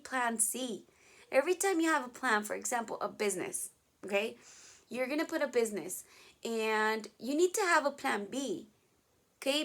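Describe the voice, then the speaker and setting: Higher-voiced woman teaching English idioms. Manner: explains patiently with many "okay?" checks, acts out examples. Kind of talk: online vocabulary lesson.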